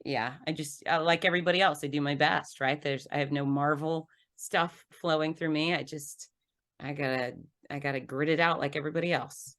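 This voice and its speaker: Low-voiced woman telling a lively story. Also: fairly quick. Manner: animated storyteller who acts out scenes with laughs. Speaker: podcast guest. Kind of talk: conversational storytelling.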